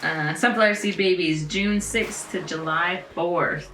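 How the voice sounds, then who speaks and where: A woman co-hosting a tarot reading show in casual chat, with vocal fry, laid-back and laughing often. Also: on the low side, unhurried. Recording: roomy, distant mic, music behind.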